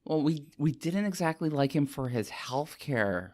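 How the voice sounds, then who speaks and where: Animated rambling male co-host. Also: fairly high pitch. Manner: animated, rambling, quick to joke. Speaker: podcast co-host. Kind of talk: casual podcast chat.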